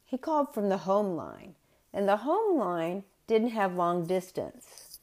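A woman's voice: medium pitch, sing-song, slow, darkish tone. A middle-aged woman telling a personal story in a chatty podcast style, correcting herself as she goes. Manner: conversational, with self-corrections. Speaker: podcast host.

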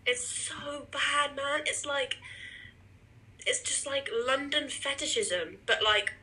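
Croaky woman with a bright voice. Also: high voice, takes it slowly, poor audio. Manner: blunt, sweary, opinionated. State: croaky, phlegmy throat. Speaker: podcast co-host. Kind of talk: casual chat.

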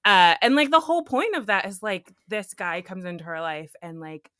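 Woman co-host with a bright, dry sound; chatty and quick to laugh. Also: medium pitch, very animated, dry recording. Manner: chatty, laughs often, many fillers. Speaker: podcast co-host. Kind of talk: casual podcast chat.

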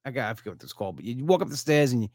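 A man's voice: medium pitch, sing-song, rapid-fire, a little mellow, no room sound, studio quality. A worn-out man hosting a casual solo podcast, telling a rambling story with restarts and perking up when he quotes people. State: exhausted, low on energy. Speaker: podcast host.

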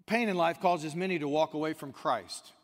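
A pastor preaching a sermon, dropping to hushed asides and rising to near-shouted emphasis. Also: male voice, a little high, normal speed, long reverb tail.

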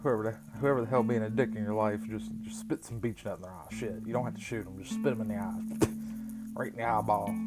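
A young Appalachian-accented man from West Virginia talks at a fairly low pitch. His rambling, foul-mouthed monologue jumps from story to joke, and guitar music plays clearly behind him. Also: fairly even intonation, fast talker. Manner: profane, crude joking, rambling stories. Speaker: vlogger.

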